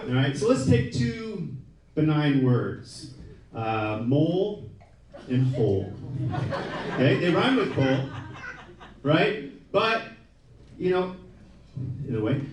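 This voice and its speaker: A man doing a wry, self-deprecating stand-up routine on a comedy club stage, often tossing in "right?" as the audience laughs. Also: fairly high pitch. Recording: echoey room, mic from a distance.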